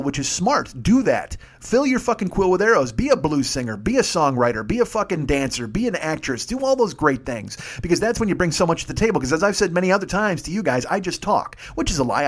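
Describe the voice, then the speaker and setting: A man's voice: fairly high pitch, husky. A man, hosting a podcast and telling rambling, profane stories in a casual solo monologue. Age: 50s. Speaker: podcast host.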